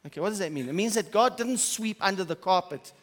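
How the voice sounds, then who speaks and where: A man preaching a sermon as pastor, swinging between loud emphatic stretches and quiet, soft asides. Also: high voice, animated, quick pace. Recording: church hall with long reverb.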